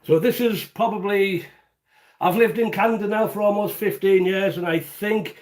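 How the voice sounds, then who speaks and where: A man's voice: high-pitched, normal speed. A man from the UK hosting a casual live cooking stream from his home kitchen, chatty and jokey, rambling as he greets viewers by name. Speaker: cooking show host.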